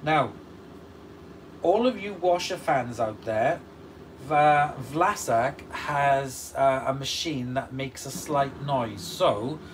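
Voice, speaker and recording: Slow-talking man reading chat aloud. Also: mid-range voice. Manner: reads out viewer comments and answers them. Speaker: livestream host. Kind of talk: casual livestream chat. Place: room at home beside a running washing machine. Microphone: distant mic. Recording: distant mic with steady background noise. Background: washing machine running.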